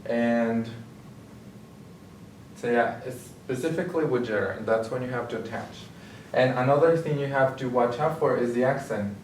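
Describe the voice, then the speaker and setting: With a darkish tone and medium pitch, this Spanish tutor moves at a moderate pace through grammar explanations, checking in often with "okay?". The recording has an echoey room sound, a faraway mic, and a faint hiss.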